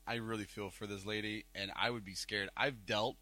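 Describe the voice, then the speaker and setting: A man's voice: lowish voice, steady tone, normal speed, sharp tone. A man co-hosting a podcast, telling a rambling story in casual chat, full of fillers and restarts. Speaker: podcast co-host. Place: Cleveland, Ohio.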